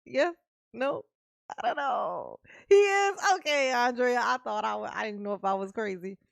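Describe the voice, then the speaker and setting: A woman's voice: on the high side, expressive, normal speed, gravelly, no echo, studio quality. A woman streamer giving casual, teasing reaction commentary while she talks to her chat. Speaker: streamer reacting to a court livestream.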